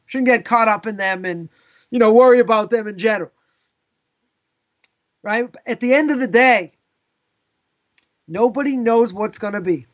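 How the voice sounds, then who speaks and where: Chatty rabbi telling a story in class. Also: male voice, high voice, normal speed, pauses often, lo-fi sound. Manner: casual, animated, with frequent asides. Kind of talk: live lesson with storytelling.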